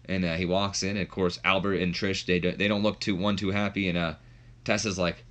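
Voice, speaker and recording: A man's voice: low voice, little pitch movement, a little fast, fairly bright tone. A man hosting a let's play, casually narrating and commenting in a rambling, self-deprecating way.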